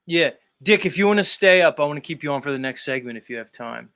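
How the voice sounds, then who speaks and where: A man's voice: fairly high pitch, lively intonation, quick pace, fairly bright tone, no echo. A man hosting a live panel stream, talking loosely and casually, swearing freely and wandering into long asides.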